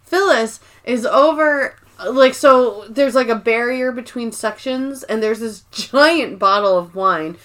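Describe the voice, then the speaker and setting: Animated woman recapping a show. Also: on the high side, slow pace, few pauses. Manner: animated retelling, acting out quotes, swears. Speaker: podcast co-host. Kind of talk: casual recap chat.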